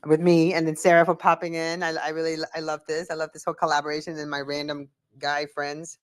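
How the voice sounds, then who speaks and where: A woman's voice: low voice, level tone, quick pace. A woman hosting a casual live audio chat about beauty, keeping the show organized and planning its schedule. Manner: organizing, plans the show's schedule. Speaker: host.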